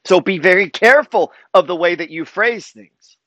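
A man's voice: sits high, normal speed, pushed and bright, dry recording. A man giving a motivational monologue as a wealth and trading coach, emphatic and preacher-like, swearing freely.

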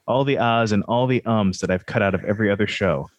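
Man, podcast host, casual rambling chat, self-deprecating jokes, low voice, dry close sound. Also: fast talker, no room sound.

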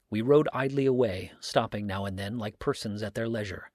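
A man narrating a first-person story aloud in a steady, earnest reading style. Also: on the low side, normal speed, few pauses, no echo, clean studio sound. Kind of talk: audiobook reading.

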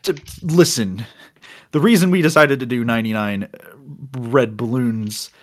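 A young man from Florida co-hosting a podcast in casual chat, excitable, with loud bursts of laughter and stumbling restarts. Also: medium pitch, a little slow. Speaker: podcast co-host. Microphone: home computer mic on a call.

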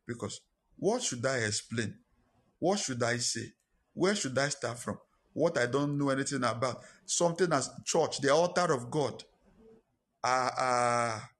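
A man preaches a sermon at a mid pitch. He is emphatic and repeats his phrases to drive each point home as he tells his own story. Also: expressive, normal speed, slightly rough. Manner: emphatic, repeats lines for stress.

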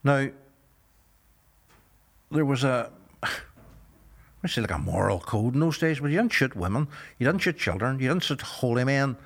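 An older man in his sixties with a Northern Irish accent, telling a story in an interview in a measured, earnest way, often saying "you know". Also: mid-range voice, very animated. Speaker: guest.

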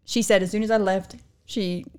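A woman in a casual chat, telling stories in an animated, giggly way. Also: mid-range voice, moderate pace, clear, resonant tone.

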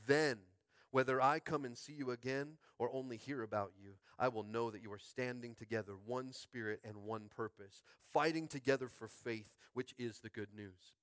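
Delivering a sermon in a school room that serves as his church, this pastor swings fervently between soft contemplation and shouted peaks, calling out to the people before him. He speaks at a middle pitch with a steady tone and normal speed, captured close with no room sound.

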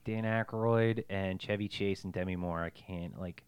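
A man's voice: sits low, normal speed, smooth, dry recording. A man co-hosting a podcast, chatting casually about a movie, swearing freely and acting out scenes. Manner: animated, swears freely, acts out scenes in funny voices. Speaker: podcast co-host.

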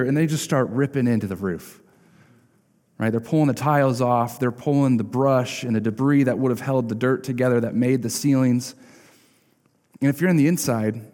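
A male pastor delivers a sermon in a relaxed, conversational way and keeps checking in with "right?". His voice is dark and mellow. A long reverb trails each phrase, as in a church sanctuary. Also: medium pitch.

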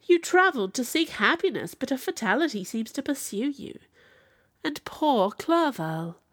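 A woman voicing a sorrowful, gentle older mother who speaks mournfully. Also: fairly low pitch, big pitch swings, moderate pace.

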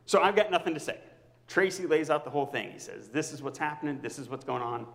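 A man preaching a personal sermon to his congregation as their pastor, swinging between loud outbursts and near-whispers. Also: a little high, quick pace, creaky, in a large hall.

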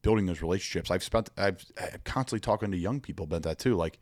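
A young adult man, a pro football player, telling stories as a guest in an energetic, rambling way and acting out the voices he quotes. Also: deep voice, fast, hardly any pauses, no echo, studio quality. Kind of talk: animated storytelling conversation.

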